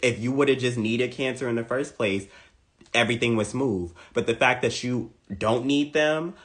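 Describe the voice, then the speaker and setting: Playful, animated man joking about astrology. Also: mid-range voice. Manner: animated, playful, repeats lines for emphasis. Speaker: astrology content creator. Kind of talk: casual comedic astrology monologue.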